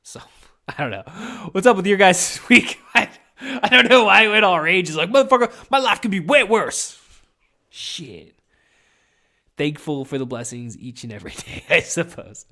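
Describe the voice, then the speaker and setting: A man's voice: high voice, lively intonation, moderate pace, bright, forceful tone. A young man hosting a podcast in casual, rambling solo chat, swearing constantly and getting over a head cold. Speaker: podcast host.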